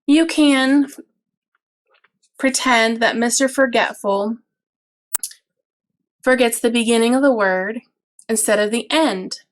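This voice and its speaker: Brief: woman teacher, slightly high voice, unhurried, patient explainer for a parents' lesson video. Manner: slow, clear, patient explaining with drawn-out example words. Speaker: early childhood teacher.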